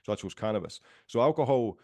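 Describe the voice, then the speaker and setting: A man's voice: fairly low pitch, expressive, dark tone, no room sound. A man with a Scottish accent telling rambling, profanity-filled stories in a casual podcast chat. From Scotland. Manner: rapid, profane, rambling anecdotes.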